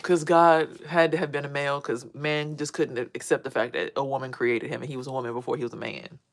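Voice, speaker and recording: A woman's voice: a bass voice, little pitch movement, fast. A woman doing a casual, rambling spiritual tarot vlog and talking straight to her viewers. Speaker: tarot reader and spiritual vlogger.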